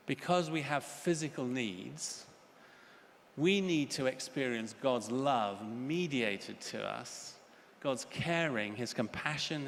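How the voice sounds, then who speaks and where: The recording catches an older man's slightly high, somewhat bright voice as he earnestly lectures in a big conference hall, with slight background noise. He tells stories throughout, voicing children along the way, and the room echoes with faint ambience.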